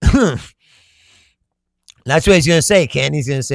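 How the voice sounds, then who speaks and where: A man's voice: on the high side, normal speed, gravelly, no echo, studio quality. A man hosting a live stream. He reads viewer comments aloud, talks with lots of energy, laughs often and swears. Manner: animated, laughs often, shouts, profane. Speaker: host.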